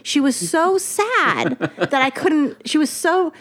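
A woman's voice: high voice, big pitch swings, slow, fairly bright tone. A woman in her forties, a writer and guest, talking emphatically and repeating herself, with an occasional swear. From United States. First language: Mandarin. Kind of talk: casual interview talk.

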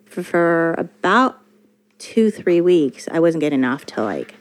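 A woman casually telling a story from her working life, animated and profane, often restarting her sentences. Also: fairly low pitch, a little slow.

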